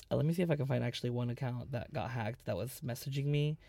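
A man in his twenties hosting a podcast, chatting casually in an animated, dramatic way with plenty of swearing. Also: medium pitch, fairly quick, creaky, dry recording. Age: 20s. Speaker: podcast host. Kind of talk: casual chat.

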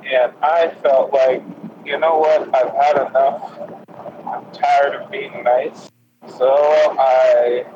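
A young man tells a long, crude story to his friends, swearing freely and laughing as he acts out each person's lines. The recording sounds muffled and lo-fi. A steady, heavy hiss of noise runs under his voice. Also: medium pitch. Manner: profane, laughing, acts out quotes. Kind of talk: casual storytelling among friends. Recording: lo-fi with loud noise.

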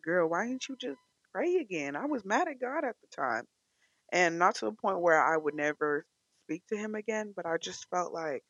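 A young woman from California sharing an emotional, animated personal faith testimony. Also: on the low side, no room sound, dull audio. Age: young adult. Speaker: testimony speaker.

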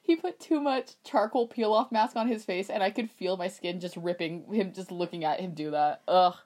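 A woman's voice: medium pitch, normal speed, darkish tone. A young woman co-hosting a podcast in casual chat, joking and sarcastic, swearing now and then. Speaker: podcast co-host.

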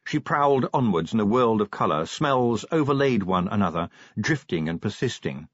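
Husky, lively male audiobook narrator. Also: lowish voice, normal speed, no echo, muffled recording. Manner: wry, lively storytelling. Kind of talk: scripted narration of a novel.

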